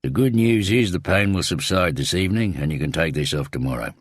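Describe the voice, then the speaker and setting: A man's voice: deep voice, expressive, fairly quick, no room sound, clean studio sound. A man doing a wry, hard-living tattooist.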